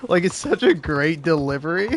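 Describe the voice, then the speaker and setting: A man's voice: fairly high pitch, animated, normal speed, a little hiss or hum. A man giving casual let's-play commentary, joking and laughing often. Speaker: gaming video host.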